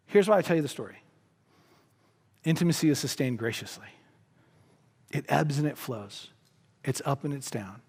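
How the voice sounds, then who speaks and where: A man preaching a sermon as pastor, casual and joking, with animated asides. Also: a little high, brisk. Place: church sanctuary. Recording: long church-hall reverb.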